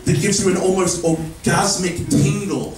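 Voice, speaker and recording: A man's voice: high voice, normal speed, crowd noise. A man performing a stand-up comedy set, telling wry stories and acting out the dialogue. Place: comedy club stage. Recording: roomy club sound, mic heard from a distance, audience noise. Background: audience laughter.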